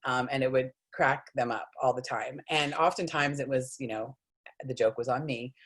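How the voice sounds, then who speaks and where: A woman hosting a casual chat, telling a story with lively, acted-out quotes and many "like"s, over a video call. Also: rumbling low, moderate pace, breathy edge. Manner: animated, acts out quotes with lots of "like". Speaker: host.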